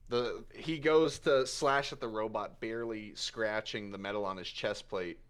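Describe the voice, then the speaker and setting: A man's voice: lowish voice, normal speed, a bit bright, smooth. A man narrating as game master in a casual, loose storytelling manner.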